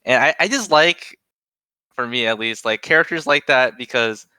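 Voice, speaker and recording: A man's voice: medium pitch, normal speed, sharp tone, smooth, no room sound. A young man co-hosting a podcast, chatting casually and rambling with restarts and fillers. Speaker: podcast co-host. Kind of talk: casual chat.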